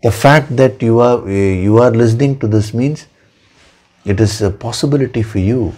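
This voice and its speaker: A man giving a spiritual discourse as a teacher, in a measured, emphatic way, repeating words for stress. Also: mid-range voice, a little mellow, husky. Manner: slow, measured, emphatic with repetitions.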